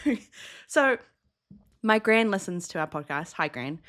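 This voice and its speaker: A woman's voice: mid-range voice, sing-song, measured pace, fairly bright tone. A woman co-hosting a café podcast in a casual chat, playful and fond of light jokes. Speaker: podcast co-host.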